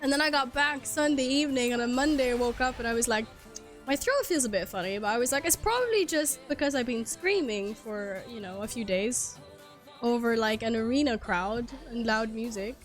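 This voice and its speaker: A young woman who is a native Swedish speaker, live-streaming a game into a headset mic, chatty and animated, swearing freely and laughing often. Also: a little high, brisk, soft background music. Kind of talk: casual live-stream chat.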